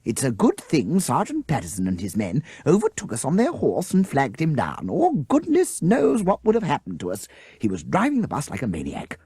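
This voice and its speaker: A man's voice: medium pitch, huge pitch swings, moderate pace, dark tone, husky, no room sound, clean studio sound, voice pushed up, exaggerated voice. A man voicing a flustered, absent-minded woman schoolteacher who talks breathlessly and fussily. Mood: indignant. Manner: breathless, indignant, fussy.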